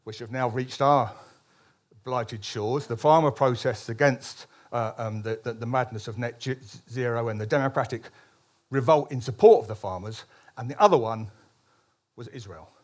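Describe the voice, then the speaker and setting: A man's voice: mid-range voice, normal speed. A man, a columnist, giving a public speech at a political meeting, emphatic, with frequent restarts and ironic asides.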